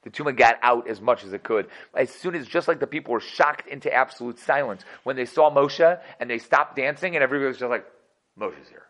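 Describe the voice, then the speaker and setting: A man teaching an energetic Torah class, full of rhetorical questions and quick laughs. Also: medium pitch, rough recording.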